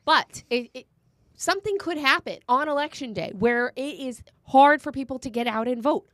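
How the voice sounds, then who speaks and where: A middle-aged woman co-hosting a political talk show, speaking with a bright, forceful edge and a slightly higher pitch than most. She is animated and emphatic, and her voice sounds a little rough. The studio sound is close and dry. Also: no echo. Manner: animated, emphatic, quick to laugh. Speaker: podcast co-host. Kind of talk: casual political chat.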